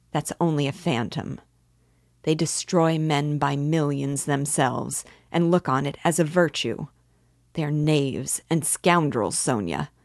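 Brief: defiant young male killer in a storybook reading, voiced by a woman reader, low and unhurried. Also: vocal fry, no echo, studio quality, full character voice. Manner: anguished, bitter pleading. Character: tormented young male murderer, bitter and defiant.

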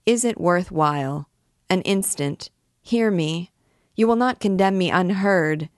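A woman's voice: on the low side, measured pace, no echo, studio quality, close to an everyday voice. A woman voicing a male poet who pleads for his life in an earnest, firm way while reading a classic novel aloud. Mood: pleading.

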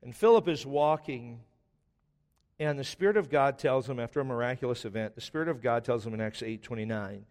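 Pastor, male, 40s, mid-pitched, chatty storytelling sermon with humor, big hall reverb. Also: a little mellow. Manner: conversational storytelling with joking asides. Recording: long reverb of a large hall.

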